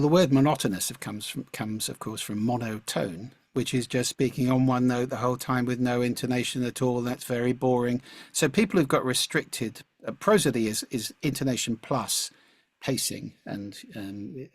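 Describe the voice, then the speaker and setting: A man, a speaking coach, answering audience questions in a measured, reflective way and clearing his throat now and then, over a video call mic. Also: mid-range voice, no echo.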